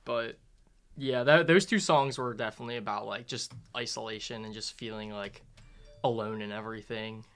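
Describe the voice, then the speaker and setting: A young man, a musician guest on a podcast, talking in a relaxed way with lots of fillers. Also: lowish voice, normal speed, clear, resonant tone. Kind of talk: casual interview chat.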